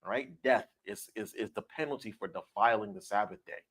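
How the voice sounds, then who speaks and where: A man with a fairly low voice leads a scripture lesson. He talks emphatically, repeating his main points again and again and checking in with his listener after nearly every line. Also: brisk, fairly bright tone, breathy edge. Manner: emphatic, repeats points, asks "all right?" often. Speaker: Bible study teacher. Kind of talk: Sabbath Bible study teaching.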